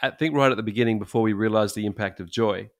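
A middle-aged man, a pastor, telling stories in casual chat, animated and laughing often. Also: fairly low pitch, fast.

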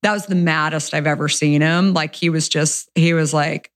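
A woman's voice: sits low, steady tone, normal speed. Woman, middle-aged, interview guest, casual storyteller, filler-heavy chat. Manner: chatty, frequent "like" and "you know" fillers. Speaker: beverage company founder, guest.

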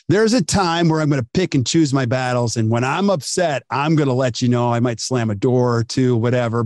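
A man's voice: medium pitch, no room sound. A man in his forties talks through a podcast interview, swinging into little acted-out quotes as he tells stories. His voice sits in a middle register. The sound is dry and close, with no room around it. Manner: animated storyteller, acts out quotes. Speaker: podcast host.

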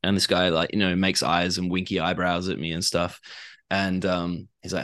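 A man talks frankly as a guest. He tells animated stories, slipping into other people's voices, and laughs easily. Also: low-pitched, a little fast. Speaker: author and coach, guest. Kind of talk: candid conversational interview.

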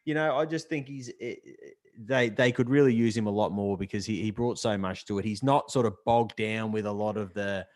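Talkative, enthusiastic male guest, lowish voice, dry mic. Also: fairly quick, no echo. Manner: enthusiastic, talkative, long flowing turns. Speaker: podcast guest. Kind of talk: casual motorsport chat.

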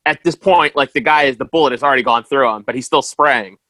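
A man in casual talk among friends, recounting a news video with lively acted-out quotes. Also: medium pitch, quick pace, no room sound. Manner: animated storytelling, acts out quotes with shouts. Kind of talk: casual chat.

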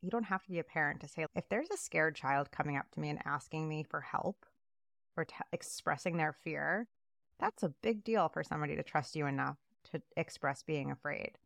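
A woman co-hosting a casual podcast chat, talking in an animated way and acting out the voices she quotes. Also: deep voice, a little fast, creaky, no echo, clean studio sound. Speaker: podcast co-host.

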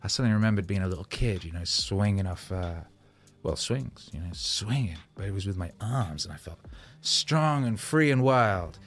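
A man's voice: on the low side, animated, moderate pace. A man, a rapper, telling rambling, self-mocking stories in a casual monologue, loose with fillers and swearing.

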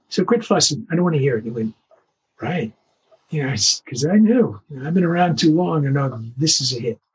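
An older man, a veteran voice actor, telling stories in an interview with lively acted-out quotes. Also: a little high, slightly rough, poor audio. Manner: animated anecdotes, acts out quoted voices. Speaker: voice actor guest. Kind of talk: storytelling interview.

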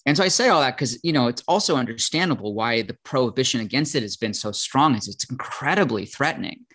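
A man's voice: mid-range voice, animated, quick pace, fairly bright tone. A man speaking as a guest in a casual conversation, thoughtful and restarting his sentences often with "you know". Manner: thoughtful, repeats words, frequent "you know". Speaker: podcast guest, cannabis educator.

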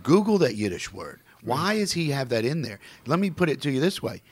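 A comedian hosting a casual podcast chat, animated and laughing often, acting out quotes. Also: male voice, mid-range voice, a little fast, breathy edge.

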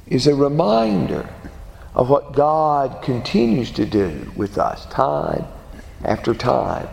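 A man leading a Bible study class, speaking slowly and deliberately and stressing key words. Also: a little high, big pitch swings, creaky, a little mellow. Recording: echoey hall.

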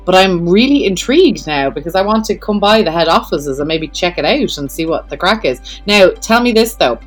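A woman hosting a relaxed interview, her voice sitting on the lower side. She talks in a chatty, reflective way and laughs readily. Faint music plays behind her. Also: fairly quick, rough recording. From Ireland. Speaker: podcast host. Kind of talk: casual interview chat.

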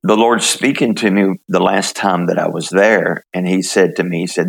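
An older man from the United States telling his story in an interview, halting, with many fillers and restarts. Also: sits low, steady tone, gravelly, husky. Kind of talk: relaxed testimony in conversation.

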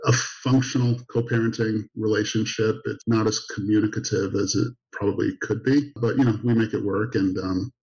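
Flat-toned low male voice, lo-fi. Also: a little fast, gravelly, few pauses. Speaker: divorced father in a group conversation. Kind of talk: casual conversation. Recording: dull lo-fi sound.

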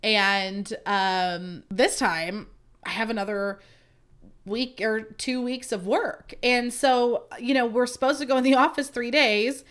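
A woman's voice: a little high, fairly even intonation, takes it slowly, fairly bright tone. A woman in her thirties, a podcast host, telling a story in a casual, chatty way with lots of asides to her listeners. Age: 30s.

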